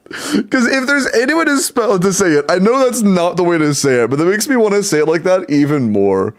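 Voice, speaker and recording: A man's voice: sits high, sing-song, normal speed. A young man live-streaming, chatting casually, rattling off game stats and laughing often.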